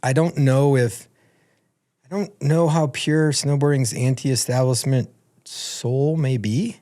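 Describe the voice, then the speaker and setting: Animated man telling a profane story. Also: mid-range voice, slow pace. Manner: animated, profane, acts out quotes in a raised voice. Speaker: podcast guest. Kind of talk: casual storytelling.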